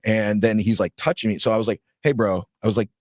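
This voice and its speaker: A man's voice: lowish voice, steady tone, fast, darkish tone, no room sound, clean studio sound. A man co-hosting a podcast, telling a story casually and animatedly, swearing freely and acting out what people said. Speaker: podcast co-host.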